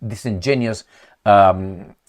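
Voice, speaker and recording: A man's voice: lowish voice, slow pace. A man giving opinionated commentary on news headlines, mocking and emphatic, often repeating himself for effect. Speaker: political commentator.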